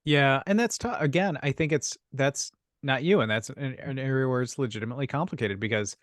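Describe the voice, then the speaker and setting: A man's voice: medium pitch, fairly quick, no echo, clean studio sound. A man co-hosting a podcast, talking in a casual, rambling way with frequent restarts and laughs. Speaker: podcast co-host. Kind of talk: casual chat.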